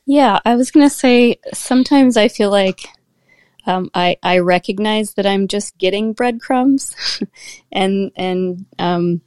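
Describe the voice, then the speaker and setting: Slow, smooth-voiced woman. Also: medium pitch, darkish tone, dry recording. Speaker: podcast guest. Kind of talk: casual chat.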